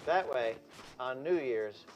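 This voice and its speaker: An actor playing a deadpan man in a comedy sketch, with a dry delivery. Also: mid-range voice, takes it slowly, over music, rough recording.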